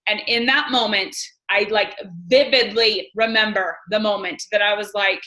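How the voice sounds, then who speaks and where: A woman's voice: medium pitch, fairly even intonation, normal speed, sharp tone, rough recording. A woman in her thirties telling a personal story and coaching her team, candid and emphatic, with frequent fillers. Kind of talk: personal story and motivational talk.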